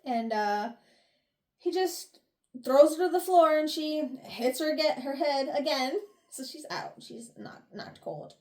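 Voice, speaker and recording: A woman's voice: high-pitched, animated, slow pace, darkish tone. A young woman co-hosting a book review podcast, retelling chapters casually and acting out the characters' lines with lots of laughs. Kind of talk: casual book recap chat.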